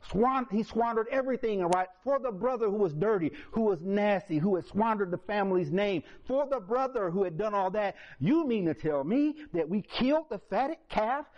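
A man preaching a sermon, telling a story and acting out its characters in a raised voice. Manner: animated, acts out characters in higher voice. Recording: dull lo-fi sound.

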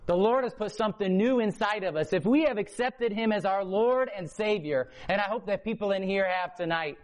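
A man preaching a sermon testimony, impassioned, swinging from a low hush to loud emphasis. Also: fairly quick. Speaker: prison ministry preacher. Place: hotel or church meeting room before a congregation.

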